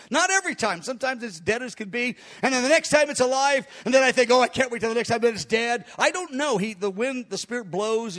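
A man with a very high voice delivers a sermon-style teaching on prayer. He is a fast, hard talker who presses his points with emphasis. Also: fairly bright tone.

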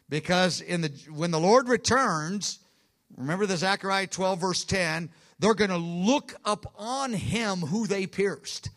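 A man's voice: high-pitched, a bit bright. A man preaching a sermon with earnest emphasis, often restarting phrases and acting out quotes. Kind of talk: sermon teaching.

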